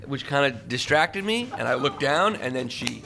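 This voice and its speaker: A man's voice: medium pitch, lively intonation, moderate pace, creaky, bright, forceful tone, soft background music. A man, a stand-up comedian, telling his story casually in an interview with loose fillers and laughs.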